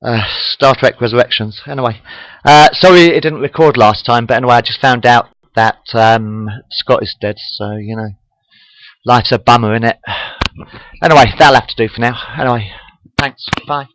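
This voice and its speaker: A man reads his homemade fan story into a webcam, rambling, apologetic and correcting his own slips along the way. His voice is of middling pitch. The room sound is dry and close. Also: normal speed, a bit bright, no echo, poor audio. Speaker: amateur fan fiction reader. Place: home room.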